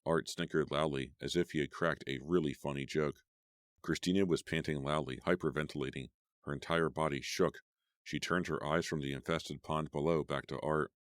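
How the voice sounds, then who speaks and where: A man narrating a horror audiobook in a steady, measured storytelling voice. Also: rumbling low, dry recording, clean studio sound.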